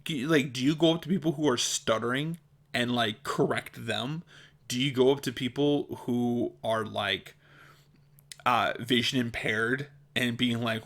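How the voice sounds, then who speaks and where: Bright-voiced man chatting, tripping over words. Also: mid-range voice, steady tone, unhurried. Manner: stumbles and repeats words, laughs at his own slips; chatty and self-deprecating. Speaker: video creator. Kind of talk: casual talking-head vlog.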